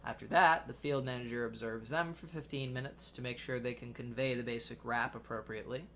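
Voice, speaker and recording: A young adult man narrating a personal essay in a measured, wry storytelling manner. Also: medium pitch, fairly even intonation, bright, forceful tone, a little hiss or hum. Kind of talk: reading a personal essay aloud.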